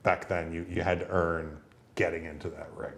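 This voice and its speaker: A man's voice: sits low, normal speed, a little hiss or hum. A man in his thirties, a wrestler, chatting casually in an interview and telling stories with lots of fillers. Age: 30s. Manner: rambling, relaxed, frequent fillers. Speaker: guest, pro wrestler.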